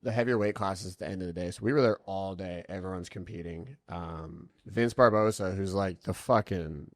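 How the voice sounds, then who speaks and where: A man's voice: sits low, normal speed, dry recording, clean studio sound. A man chatting on a podcast, telling long, profane stories in a loose, rambling way. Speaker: podcast guest and coach. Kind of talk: casual chat.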